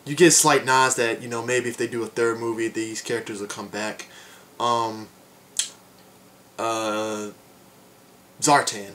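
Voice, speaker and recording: Guy rambling thru a movie review, lots of "and stuff", average pitch, a lil hiss behind. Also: flat delivery, a little slow, pauses often, fairly bright tone. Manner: rambling, many fillers like "and stuff" and "um". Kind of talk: casual spoken film review.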